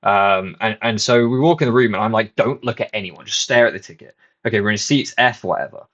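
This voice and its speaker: A man's voice: lowish voice, a little fast, a bit bright, dull audio. A man and channel host casually telling a rambling, self-mocking story, swearing freely.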